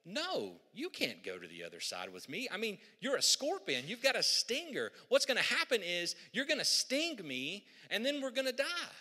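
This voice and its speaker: A jittery male frog from a fable, protesting in a climbing, anxious voice as a preacher acts him out. His bright, high pitch echoes through a large church hall. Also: huge pitch swings, normal speed, few pauses, full character voice. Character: wary, nervous male frog.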